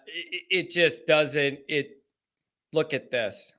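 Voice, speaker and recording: High, bright-voiced exasperated male host. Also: lively intonation, measured pace. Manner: exasperated, venting frustration to the chat; rhetorical questions to the audience. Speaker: call-in show host. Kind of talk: live fan call-in show chat.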